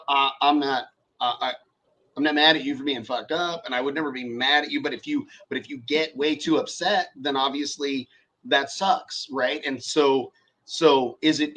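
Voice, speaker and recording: Casting note: bright-voiced man, profane and heated, casual podcast chat. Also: a little high, rough recording. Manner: profane, heated, acts out angry rants. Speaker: shop owner.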